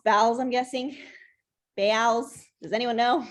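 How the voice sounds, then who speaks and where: A young woman reads scripture aloud to a small study group. Her voice sits at an ordinary middle pitch, and she reads steadily in a plain voice, pausing to restart when a name trips her up. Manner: plain reading voice with hesitant restarts over names. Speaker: Bible study leader.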